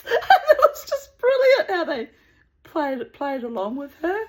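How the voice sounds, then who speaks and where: A woman's voice: sits high, huge pitch swings, a little slow. A woman telling a rambling, digressive anecdote in casual chat, breaking into laughter often. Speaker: channel host.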